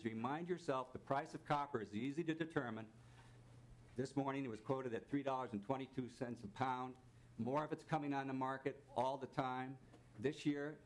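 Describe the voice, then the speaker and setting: A man in his sixties, a recently retired financier, reading prepared testimony to a legislative committee in a formal, pointed way with dry mock-salesman asides. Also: medium pitch. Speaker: witness testifying at a legislative hearing. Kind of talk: prepared testimony read aloud. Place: legislative committee hearing room.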